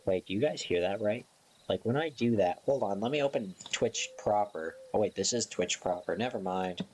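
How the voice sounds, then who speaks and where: A man's voice: on the low side, moderate pace, darkish tone, a little hiss or hum. A young man chatting casually with his stream viewers, sleepy and yawning, giggling between lines. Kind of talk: casual live-stream chat.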